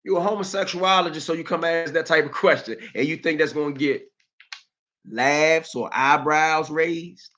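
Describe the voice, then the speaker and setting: Animated, bright-voiced DC man ranting. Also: a little high, moderate pace. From Washington, DC. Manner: animated, mocking, streetwise banter. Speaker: live-stream host. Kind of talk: live-stream commentary.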